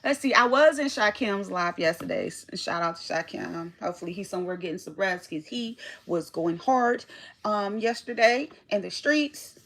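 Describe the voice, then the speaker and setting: A woman's voice: mid-range voice, lively intonation, normal speed, fairly bright tone. A woman hosting her own livestream, chatting loosely with her viewers, reading their names from the chat, cursing freely and drifting from one point to the next. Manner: chatty, rambling, reads chat aloud, swears freely. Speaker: livestream host.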